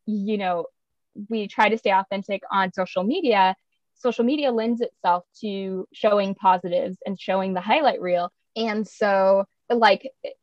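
A woman's voice: medium pitch, a little slow, dry recording, muffled recording. A young woman talking casually on a podcast, chatty and laughing often, acting out her own voice when quoting herself. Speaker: podcast guest.

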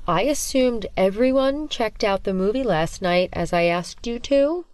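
A woman's voice: mid-range voice, animated, a little slow, darkish tone, no echo, voice pushed up, lightly acted. A woman voicing a cold, sinister schoolteacher in a storybook who gives orders in a stern, commanding way. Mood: coldly commanding.

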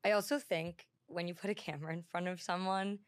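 A young woman co-hosting a podcast, supportive and quick to laugh in casual chat. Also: lowish voice, steady tone, smooth, no echo, clean studio sound. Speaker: podcast co-host.

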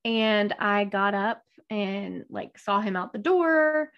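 A woman's voice: mid-range voice, animated, takes it slowly, lo-fi sound. A woman co-hosting a podcast, chatting casually, giggly and a bit hesitant. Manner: giggly, self-deprecating, hesitant. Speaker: podcast co-host. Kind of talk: casual chat.

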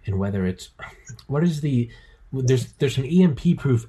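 A man in his thirties hosting a casual podcast chat, talking excitedly and profanely, stumbling over repeated words as he rambles. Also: medium pitch, moderate pace, husky.

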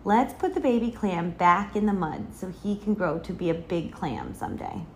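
A woman reading a storybook aloud and speaking as a calm, kindly father. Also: fairly low pitch, normal speed, a little hiss or hum. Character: patient, gentle father digging clams.

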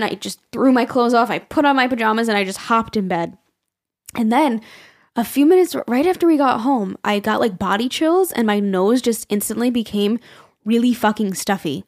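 A woman's voice: a little high, moderate pace. Chatty young woman telling a story. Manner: chatty storytelling, frequent swearing and laughing. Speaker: podcast co-host. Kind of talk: casual chat.

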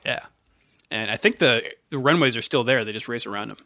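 A man's voice: mid-range voice, brisk, bright, forceful tone, no room sound. A man co-hosting a casual motorsport podcast, running through standings and race listings with frequent self-corrections. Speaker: podcast co-host.

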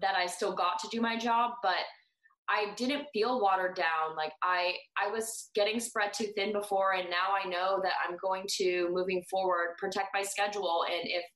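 A woman's voice: medium pitch, fairly even intonation, normal speed, fairly bright tone, reverberant, low-quality recording. A woman speaking as a guest in a casual podcast chat, rambling and often restarting her sentences. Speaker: personal trainer guest.

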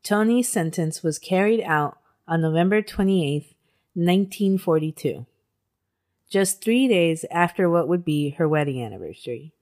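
A woman's voice: lowish voice, lively intonation, moderate pace, darkish tone. A woman co-hosting a podcast, telling a true-crime story in a casual way, with swearing and laughter. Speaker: podcast co-host.

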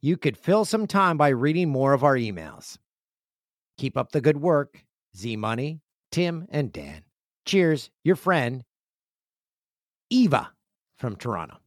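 A man's voice: big pitch swings, unhurried, long pauses, no room sound, clean studio sound. A man hosting his podcast in a casual, jokey chat, reading emails and acting out friends' reactions. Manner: chatty, jokey, acts out friends in loud high voices. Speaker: podcast host. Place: home studio with stairs nearby.

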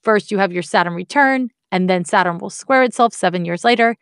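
A woman's voice: mid-range voice, fairly quick, clean tone, no echo. Woman chatting about astrology, blunt and wry, swears a bit, dry close sound. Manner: candid, swears casually, wry asides. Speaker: astrology teacher. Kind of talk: casual explanatory talk.

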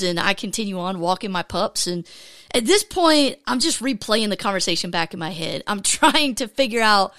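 A woman's voice: a little high, fairly bright tone, dry recording, studio quality. A middle-aged woman hosting a podcast, telling a story in a casual, self-mocking way with lots of fillers. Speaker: podcast host.

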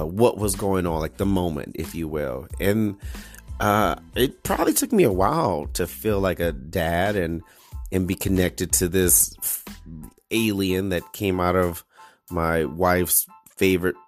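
A man's voice: sits low, animated, measured pace, soft background music. A man, hosting a casual solo podcast with rambling, crude jokes and frequent restarts. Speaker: podcast host.

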